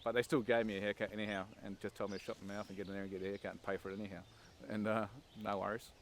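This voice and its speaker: Gravelly man in his fifties. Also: on the low side, flat delivery, racing, slight background noise. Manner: casual, wry storytelling with frequent "um" and "and". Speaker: former army recruit, interviewee. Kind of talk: documentary interview, anecdotal recollection.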